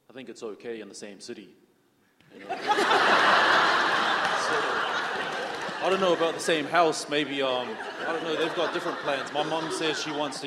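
A man contestant on a panel, answering hesitantly with hedges and laughs. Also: mid-range voice. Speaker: dating show contestant. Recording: echoey hall with loud noise.

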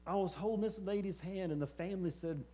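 A man preaching a personal testimony sermon, speaking haltingly with many fillers and repeated words. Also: high-pitched, dark tone. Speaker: preacher and former hospice chaplain.

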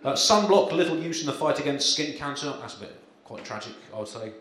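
A man doing a stand-up comedy set with a dry, halting delivery full of ums and uhs, performed live. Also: fairly high pitch, lively intonation, fairly bright tone, slight background noise. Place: live comedy venue, in front of an audience. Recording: echoey live room with crowd.

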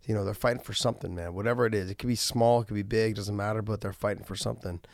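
A middle-aged man with a low, gravelly voice talks in a casual podcast, earnest and halting, restarting his sentences often. The sound is close and dry, with no room echo. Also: fairly even intonation. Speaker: podcast host and former fighter.

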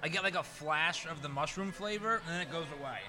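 A man's voice: on the high side, fast. A man co-hosting a podcast, rambling and repeating his words as he chats about hot sauce. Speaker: podcast co-host and editor. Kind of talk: casual chat.

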